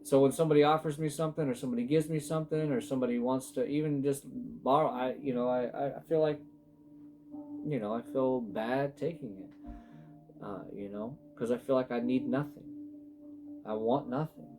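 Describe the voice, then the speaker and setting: A man with a medium-pitched, steady, mellow voice talks fairly quickly over soft background music. He's an adult with sons giving a casual spiritual tarot reading, emotional and rambling, and he often cuts himself off mid-sentence.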